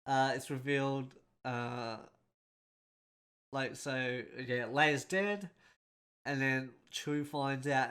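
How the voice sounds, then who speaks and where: A man's voice: medium pitch, fairly even intonation, a little slow, a bit bright. A man hosting a casual film breakdown, speaking in a rambling and emotional way with a congested, nasal voice. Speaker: host.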